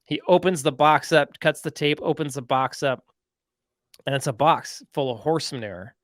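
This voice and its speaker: A man's voice: a little high, moderate pace, no echo. A man hosting a podcast, telling a story in a casual, rambling way, full of "like" and "right?". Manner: chatty, rambling, lots of "like" and "right?". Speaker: podcast host.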